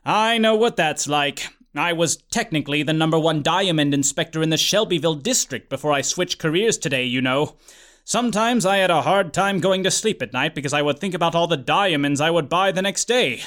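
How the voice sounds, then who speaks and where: Man doing a dim, easygoing would-be professor, offhand rambling talk, high voice. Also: animated, brisk, fairly bright tone. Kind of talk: audiobook character voice.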